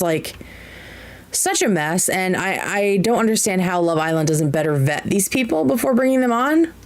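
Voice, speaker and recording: A woman's voice: medium pitch, low-quality recording. A woman hosting a live-streamed podcast, chatting casually and animatedly, with many fillers and restarts. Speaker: podcast host.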